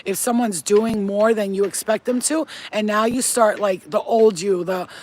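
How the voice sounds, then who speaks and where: A woman giving a casual spiritual pep talk to her viewers as a reader, blunt, profane and animated. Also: mid-range voice, normal speed.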